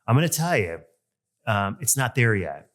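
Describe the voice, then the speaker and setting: This casual solo podcast features a man, a loan officer, venting in an exasperated, animated way peppered with ums and uhs. His voice is medium-pitched at a normal speed.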